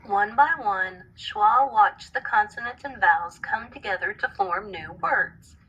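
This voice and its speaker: A woman teacher reading a storybook aloud to a class, with expressive, clear storytelling. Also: medium pitch, a little slow, muffled recording.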